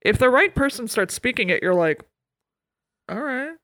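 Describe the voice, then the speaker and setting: A woman's voice: a little high, animated, brisk, a bit bright, dry recording. A woman co-hosting a podcast in casual, joking chat that rambles playfully. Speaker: podcast co-host.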